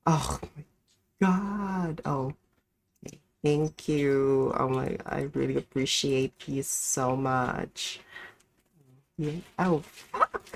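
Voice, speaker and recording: A woman's voice: rumbling low, drawn-out words, vocal fry, pauses often. A young woman from the Philippines streaming a game live, chatting to herself, swearing and squealing greetings at customers. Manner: swearing, chatty self-talk while playing. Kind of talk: live gameplay chat.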